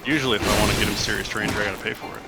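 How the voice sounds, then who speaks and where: A man chatting casually on a voice call with quiet, laid-back asides. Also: fairly low pitch, steady tone, racing, loud music behind the voice, low-quality recording. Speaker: friend on the stream. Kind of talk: casual chat.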